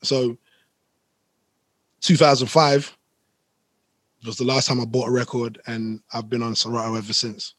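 A man's voice: mid-range voice, level tone, measured pace, long pauses, no echo. A man, a guest DJ, telling rambling stories in a laid-back podcast chat. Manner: rambling, laid-back storytelling with London slang.

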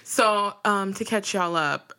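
A woman's voice: medium pitch, takes it slowly. A young adult woman co-hosting a podcast, chatting casually and telling stories with lots of laughter. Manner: animated, laughs often, gushing storytelling. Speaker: podcast co-host. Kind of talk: casual chat.

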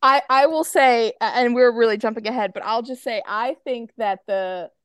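A woman's voice: a little high, moderate pace, smooth, dry recording, studio quality. An American woman co-hosting a podcast, retelling TV scenes in a chatty, rambling way full of "like" and playful quotes. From United States. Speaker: podcast co-host. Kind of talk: casual chat.

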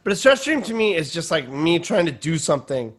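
Man, comedian podcast host, slightly higher voice, rambling animated storytelling, casual chat. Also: brisk. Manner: rambling, animated anecdote-telling.

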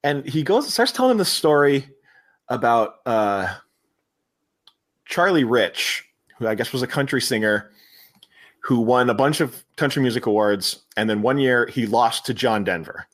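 A man hosting a podcast, casually recapping a film with animated retelling that keeps slipping into quoted lines. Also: mid-range voice, normal speed. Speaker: podcast host.

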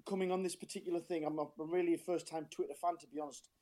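A man's voice: fairly high pitch, fairly even intonation, very fast, a crowd in the background. A man calling in as a football fan, talking in a passionate, frustrated, rambling way with a strained voice. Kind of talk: casual phone-in chat.

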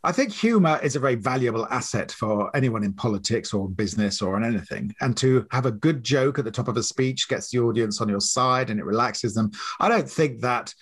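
Husky man telling anecdotes. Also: mid-range voice. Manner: relaxed, anecdotal, many fillers. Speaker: comedy writer guest. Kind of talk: podcast interview.

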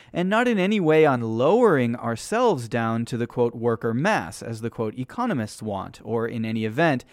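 A man hosting a podcast, reading a political text aloud in steady narration and voicing each quotation mark as "quote" and "unquote". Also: medium pitch, dry recording, studio quality.

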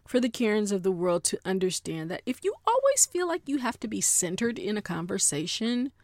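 A woman hosting a podcast and chatting in a casual, comedic way. She is animated and playful and acts out quotes in exaggerated voices. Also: medium pitch, brisk, no echo. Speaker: podcast host.

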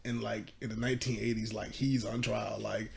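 A man co-hosting a podcast in casual chat, animated, swearing freely and saying "like" a lot. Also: fairly low pitch, normal speed, vocal fry, noisy background. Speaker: podcast co-host.

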